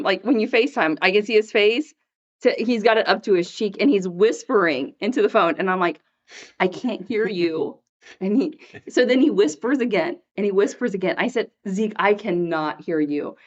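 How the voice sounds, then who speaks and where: A woman co-hosts a relaxed faith podcast in a chatty, storytelling way. Her voice sits at a middle pitch and she often breaks into laughter. The recording sounds a little dull and lo-fi. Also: fairly quick. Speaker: podcast co-host. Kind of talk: casual faith podcast chat.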